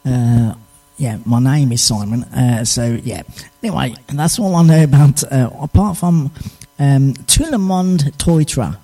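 A man's voice: mid-range voice, unhurried, mellow, far from the mic, soft background music. A man presenting a request show on the radio, chatting casually in a rambling, self-amused way with many fillers.

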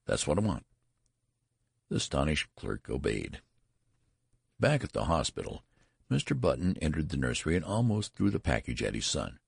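Deep-voiced male audiobook narrator, gravelly and expressive, dry close mic. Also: moderate pace, no room sound. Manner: acts out the dialogue.

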